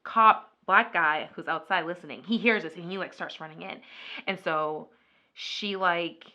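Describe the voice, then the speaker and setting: A woman vlogger chatting casually through a makeup video, retelling a story in an animated way with lots of filler words. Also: on the low side, measured pace. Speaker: beauty vlogger. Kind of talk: casual makeup vlog chat.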